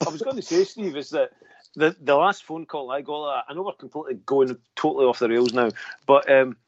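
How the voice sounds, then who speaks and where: A man's voice: fairly high pitch, fairly quick, dull audio. A man co-hosting a podcast, chatting casually with self-deprecating, rambling asides and frequent chuckles. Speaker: podcast co-host. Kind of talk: casual chat.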